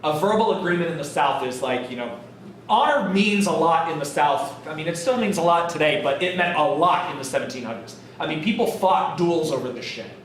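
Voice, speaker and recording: Slight background noise sits under this lecture, captured from a distance in an echoey college classroom. The man's voice is a little high, expressive and fairly quick as he gives a casual, humorous history class, acting out figures from the past.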